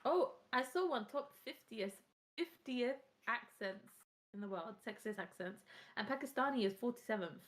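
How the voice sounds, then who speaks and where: A British woman on a casual podcast, reading out a ranked list and chatting between items. Her voice sits somewhat high for a woman. She sounds easygoing and giggles often. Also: expressive, normal speed. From Britain. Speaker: podcast co-host. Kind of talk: casual chat.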